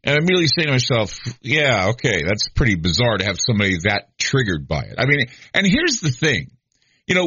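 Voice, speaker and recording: A man in middle age hosting late-night radio with a husky, bright edge to his voice and a lively, swooping delivery. He rambles and restarts as he talks, and the sound is close and dry, a little dull in the top end. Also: medium pitch, no echo. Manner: rambling, conversational, many restarts and fillers. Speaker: radio talk show host.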